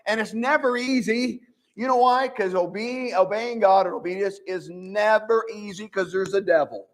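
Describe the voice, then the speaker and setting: A man's voice: high-pitched, normal speed, slight background noise. An older man preaching a midweek sermon in church, earnest and folksy, often restarting his sentences and quoting scripture. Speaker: pastor. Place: church sanctuary.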